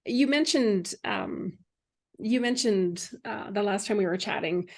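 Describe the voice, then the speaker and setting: A woman hosting an interview conversation, with a voice sitting in an ordinary middle range. She builds her questions slowly and reacts to her guest with warm exclamations. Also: mid-range voice, gravelly. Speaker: podcast host.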